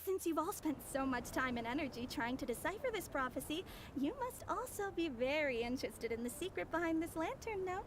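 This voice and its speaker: A poised, mysterious young woman in a video game, formal and courteous in every line. Her voice sits high, and game music plays quietly beneath her. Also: expressive, brisk. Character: composed, mysterious young woman of a secret order.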